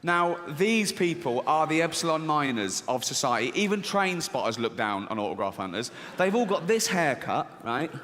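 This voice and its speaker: With a highish, sing-song voice that's fairly bright, the middle-aged Englishman talks at normal speed with hardly any pauses. His stand-up, delivered on a large theatre stage to an audience, is brash and profane, and he acts out little exchanges in voices. It's a live theatre recording with long reverb and a faint crowd.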